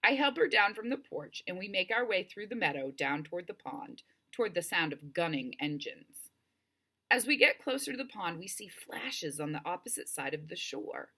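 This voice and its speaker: A woman narrating a first-person audiobook with expressive, wryly humorous storytelling. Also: on the low side, moderate pace.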